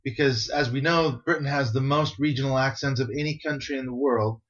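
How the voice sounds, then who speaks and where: A man's voice: mid-range voice, steady tone, a little fast, fairly bright tone. An American man hosting a podcast interview, asking questions in a friendly, conversational way. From United States. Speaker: podcast host. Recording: dull lo-fi recording.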